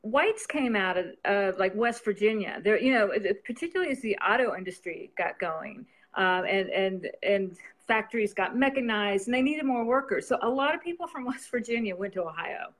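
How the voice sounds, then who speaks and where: A woman's voice: medium pitch, expressive, normal speed, hardly any pauses. A woman novelist chatting casually as an interview guest, rambling and laughing often.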